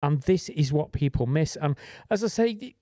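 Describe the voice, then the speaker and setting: A man's voice: on the high side, lively intonation, normal speed, warm tone, no echo, clean studio sound. A British man co-hosting a casual podcast as a mix engineer, talking animatedly, swearing freely and mimicking instrument sounds. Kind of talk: casual chat.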